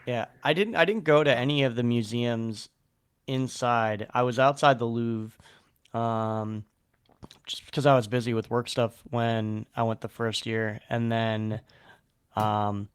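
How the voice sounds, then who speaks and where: A man's voice: medium pitch, steady tone, unhurried, clear, resonant tone, no echo. A man hosting a casual podcast chat, talking loosely and laughing easily. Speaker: podcast host.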